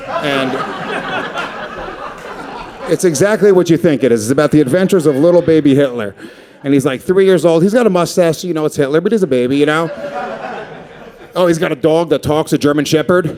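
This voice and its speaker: A man in his thirties works through a stand-up comedy set on stage. He is crude and profane and rambles from one bit to the next, throwing in quick asides as he goes. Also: a little high, a crowd in the background.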